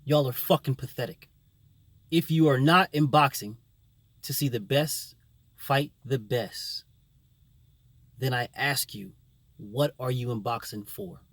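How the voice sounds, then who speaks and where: A man's voice: mid-range voice, slow, long pauses, a bit bright, dry recording. A man hosting his own boxing channel, delivering a combative, profane opinion rant full of repetition.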